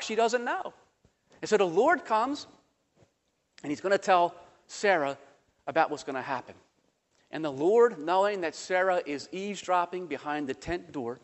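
Animated high-voiced preacher in a hall. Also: male voice. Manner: animated, acts out voices in quotes, conversational asides. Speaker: pastor. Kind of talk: sermon.

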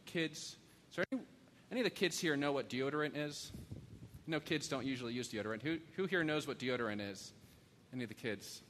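Guy preaching in a church, earnest and pleading, voice rings out in the big room, bit of low hum behind. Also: fairly bright tone, in a large hall. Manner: earnest, pleading, storytelling with asides to kids. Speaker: pastor. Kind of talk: sermon. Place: church sanctuary.

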